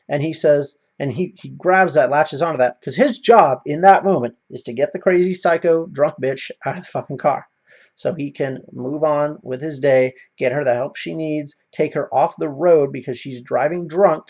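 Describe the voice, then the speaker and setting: A man's voice: fairly high pitch, moderate pace, a little mellow, dull audio. A man ranting in a casual monologue, swearing often and rambling with many fillers. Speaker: video commentator.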